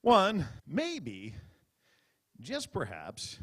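A man's voice: on the high side, huge pitch swings, extremely slow, a bit bright. A man doing stand-up comedy on stage, telling a mock-dramatic story into a stage microphone. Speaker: comedian at a press club roast. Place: stage before a live audience.

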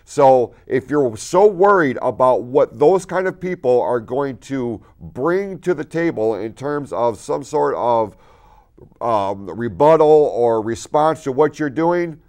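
A man's voice: medium pitch, expressive, slow pace, darkish tone. A man hosting a local TV talk show, giving an earnest motivational talk in the studio that builds to emphatic points.

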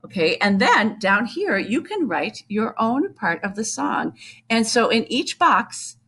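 A woman's voice: fairly high pitch, sing-song, a little slow, fairly bright tone, slightly rough. A woman music teacher giving a recorded lesson to young children, explaining patiently and chanting rhythm syllables.

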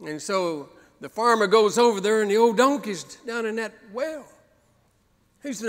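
A male pastor with a high, bright, forceful voice preaches in a church sanctuary. He builds up through repeated calls and lines that climb in intensity. The sound carries a long, echoey hall reverb. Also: moderate pace. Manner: preaching with rising, repeated exhortations. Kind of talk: sermon.

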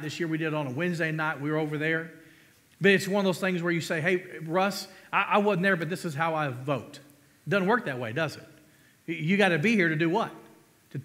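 A man's voice: on the high side, fairly bright tone. A man pastor preaching a sermon, emphatic, asking the congregation questions and calling for amens. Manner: emphatic preaching, rhetorical questions, calls of amen. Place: church sanctuary. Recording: long reverb of a church hall.

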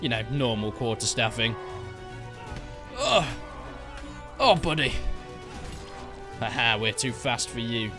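Excitable man's gameplay commentary. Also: medium pitch, slow, long pauses, music in the background. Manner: excitable, jokey, yelps and laughs at the action. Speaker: gaming YouTuber.

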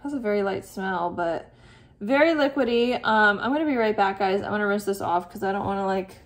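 A woman's voice: mid-range voice, brisk. A woman vlogging a beauty box unboxing, chatting casually and reading product blurbs aloud between her own asides. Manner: frequent "like" fillers.

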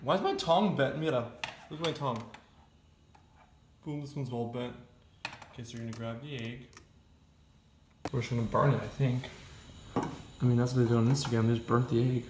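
A man's voice: medium pitch, normal speed, long pauses, roomy sound, noisy background. A young man rambling casually to camera in his home kitchen, chatty and self-deprecating. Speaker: vlogger. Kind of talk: casual vlog chat.

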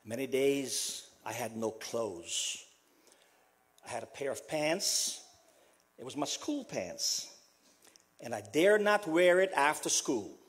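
A man from South America preaching a funeral sermon as pastor, repeating a refrain softly and building to emphatic passages. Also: breathy edge. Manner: repeats a refrain, dropping to a soft low voice.

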